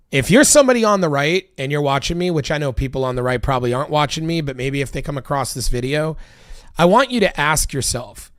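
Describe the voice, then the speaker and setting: Man, political commentary, exasperated, swearing, fairly high voice, dry close sound. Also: fairly bright tone, no room sound. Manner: exasperated, heated, swears often. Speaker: commentator reacting to video clips. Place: Los Angeles.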